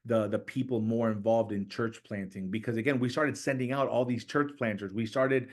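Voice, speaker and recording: A middle-aged man, a church planter and podcast guest, telling stories in conversation and acting out quoted voices with a rising pitch. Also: normal speed. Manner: animated, acts out quoted voices with raised pitch. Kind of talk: storytelling in conversation.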